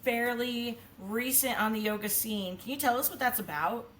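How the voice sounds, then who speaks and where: A woman in her thirties hosting a podcast, chatty and quick to laugh in a casual conversation. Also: on the high side, a bit bright, slight background noise. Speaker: podcast host. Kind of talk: casual chat.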